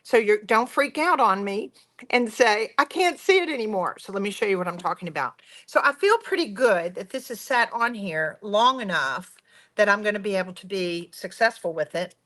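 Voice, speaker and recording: A woman's voice: mid-range voice, animated, normal speed, a bit bright. Woman, craft tutorial host, chatty, enthusiastic, addresses viewers directly.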